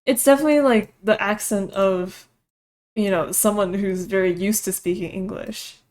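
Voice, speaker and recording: A woman's voice: mid-range voice, normal speed, a little mellow. A young woman in casual chat who hedges, laughs often and pushes back.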